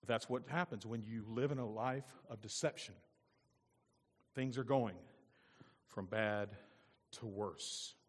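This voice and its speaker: A man's voice: on the low side, long reverb tail. A man pastor delivering an emphatic sermon with call-and-response asides. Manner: emphatic, call-and-response, rising to loud peaks.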